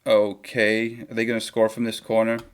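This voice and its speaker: A man's voice: lowish voice, monotone, moderate pace, smooth. A young man chatting casually and joking while he reacts live to a football match on a home stream. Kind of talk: live match watchalong chat.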